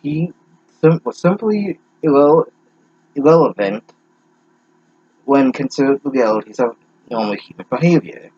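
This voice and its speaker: Young man, sarcastic reader, stumbling delivery, husky voice, dry lo-fi sound. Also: mid-range voice, a little slow, pauses often, darkish tone, dry recording. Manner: sarcastic, stumbling over words. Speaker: reader mocking a fanfic. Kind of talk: comedic reading with profane asides.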